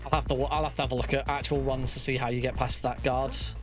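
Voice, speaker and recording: A young man talking through his own game speedrun live, chatty and quick to laugh, thinking aloud as he plays. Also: mid-range voice, little pitch movement, music in the background. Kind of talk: live gameplay commentary.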